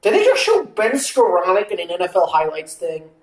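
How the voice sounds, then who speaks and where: A watchalong streamer calling the game play by play, stretching out calls and drifting into casual asides, on a mic that peaks on loud moments. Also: mid-range voice, huge pitch swings, fairly quick, reverberant, low-quality recording. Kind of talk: amateur play-by-play commentary.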